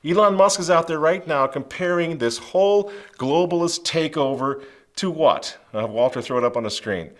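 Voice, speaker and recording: A middle-aged man hosting a commentary show, emphatic and sarcastic, swinging between loud outbursts and hushed asides, with many rhetorical questions. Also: fairly high pitch, moderate pace. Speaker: show host. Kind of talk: impassioned political commentary.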